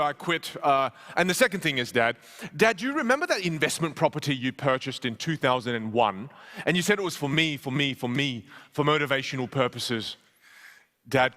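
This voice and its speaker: A man in his thirties giving a keynote on a conference stage, telling a comic story in an animated, self-mocking way with quick restarts. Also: medium pitch, slight background noise. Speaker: keynote speaker.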